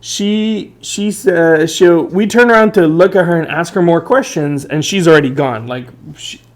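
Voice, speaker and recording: A man with a slightly higher voice tells a spooky story in easygoing chat. He rambles with lots of fillers and acts out the people in his tale. He talks from a studio while makeup is done on him. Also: moderate pace. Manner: animated, filler-heavy storytelling with acted quotes. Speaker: storyteller and co-host.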